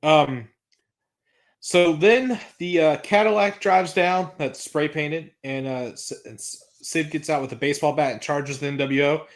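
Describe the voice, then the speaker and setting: A man's voice: on the high side, unhurried. A man co-hosting a podcast, recapping an old wrestling show in casual chat, reading out quotes and swearing freely. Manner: excitable, swears freely, reads out promo quotes.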